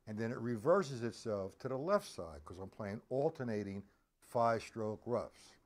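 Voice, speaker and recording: A man's voice: mid-range voice, expressive, moderate pace, background noise. A man teaching a drum lesson on a live stream, patiently explaining rudiments and counting the beats aloud.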